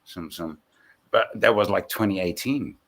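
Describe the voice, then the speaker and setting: Casual European man, lowish voice, hunts for words with lots of fillers. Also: moderate pace, a bit bright. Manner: searches for words with many fillers. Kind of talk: casual chat.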